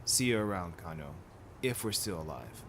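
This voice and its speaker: A man voicing a stern, reserved American agent who talks in a low mutter. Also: big pitch swings, normal speed, slight background noise. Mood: grave. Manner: quiet, low muttering delivery.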